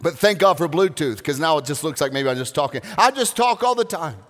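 A man's voice: on the high side, lively intonation, brisk, fairly bright tone, in a large hall. A man preaching a sermon as pastor in a church, talking in a conversational way with frequent restarts and humorous asides. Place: church sanctuary.

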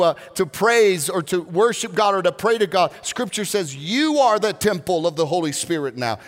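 A man's voice: high voice, big-room sound. A man preaching a sermon as pastor in a church, talking in a conversational way with frequent restarts and humorous asides. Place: church sanctuary.

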